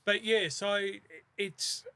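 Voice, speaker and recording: An Australian man in his fifties, a podcast guest telling lively stories in casual chat and laughing often. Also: sits high, slow, clear, resonant tone, no echo. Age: 50s.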